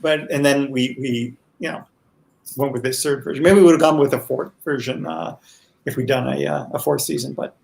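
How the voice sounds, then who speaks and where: A man, the creator of a TV series, explaining his choices as a guest in a casual online chat, speaking thoughtfully and haltingly. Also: medium pitch, creaky, darkish tone. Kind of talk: casual video-chat commentary.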